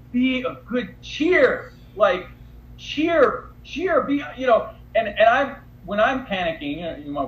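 A man leading a Bible study, reading scripture aloud and then explaining it in a conversational way. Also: on the high side. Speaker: Bible teacher. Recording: roomy, slightly dull recording with faint background noise.

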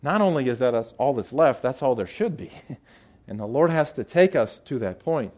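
A man's voice: medium pitch, lively intonation, normal speed, a little mellow. A man preaching a sermon in an earnest, emphatic way, repeating phrases as he builds each point. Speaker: pastor.

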